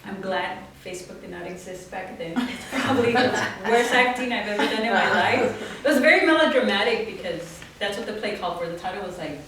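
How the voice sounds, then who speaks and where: A woman's voice: medium pitch, brisk, hardly any pauses, a crowd in the background. Woman storytelling at a talk, laughs a lot, does little voices, kinda far off, super echoey room. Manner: animated, laughing, acting out voices in quotes. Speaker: guest artist. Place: small office event space. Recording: very echoey room, from off-mic, faint noise.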